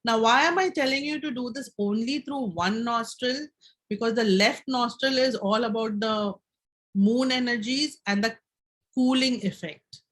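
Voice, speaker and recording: A woman's voice: on the high side, unhurried, a bit bright. A woman speaking at a live health session, explaining and guiding the audience through a breathing exercise while checking in with them.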